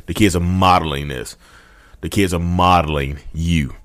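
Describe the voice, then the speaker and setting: A man's voice: deep voice, fairly even intonation, normal speed, a bit bright. A man in his thirties, a podcast host giving a rambling, fervent motivational rant that addresses listeners directly. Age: 30s.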